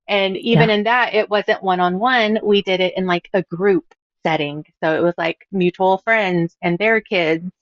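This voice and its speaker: A woman's voice: medium pitch, a bit bright, dry recording, highs cut off. A bubbly woman author in her thirties, chatting casually on a podcast and laughing at her own stories. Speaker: author guest.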